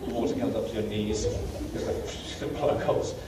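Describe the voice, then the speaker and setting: With a lowish, steady voice at normal speed, a British guest lecturer tells humorous, self-deprecating travel stories to college listeners, using plenty of fillers. The recording comes from far back in an echoey hall, with a faint hiss.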